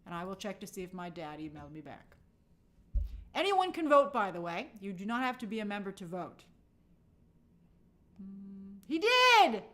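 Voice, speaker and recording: A woman's voice: mid-range voice, big pitch swings, normal speed, long pauses. A woman hosting a live movie news stream, chatting and reading viewer comments with frequent restarts and opinionated asides.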